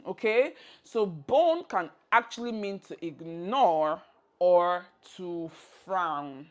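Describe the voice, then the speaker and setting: A woman's voice: medium pitch, expressive, slow pace. A Nigerian woman giving a casual video lesson, playfully acting out example phrases as she teaches. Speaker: language tutor.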